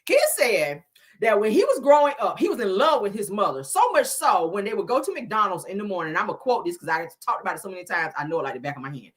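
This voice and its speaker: Husky, lively woman venting to viewers. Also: mid-range voice, quick pace. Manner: animated, profane storytelling. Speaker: host. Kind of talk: casual chat.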